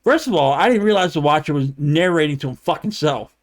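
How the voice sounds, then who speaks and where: A man co-hosts a casual podcast debate, his voice sitting a little high. He rants with lots of swearing and laughter, rambling from point to point. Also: fast. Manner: animated, profane, rambling with laughs. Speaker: podcast co-host.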